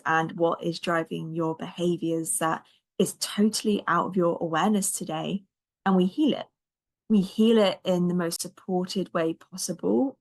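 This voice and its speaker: A young woman hosting a podcast, her voice a touch croaky. She speaks gently and encouragingly, in a lowish, fairly even tone without much lift. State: slightly croaky voice. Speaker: podcast host and coach. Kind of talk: podcast monologue.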